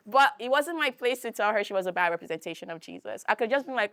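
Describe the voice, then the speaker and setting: A young woman with a Philadelphia accent telling a personal story in a talk, animated and full of fillers, acting out the voices she quotes. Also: mid-range voice, fast talker, no room sound. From United States. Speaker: guest speaker.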